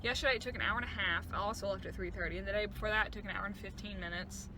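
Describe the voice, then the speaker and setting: A woman's voice: mid-range voice, fairly even intonation, very fast. A young woman in her twenties talking casually to a phone camera in a car, rambling and chatty with laughs between thoughts. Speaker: vlogger. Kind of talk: casual vlog chat. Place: in her car and walking outdoors. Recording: car and road noise behind. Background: car and traffic noise.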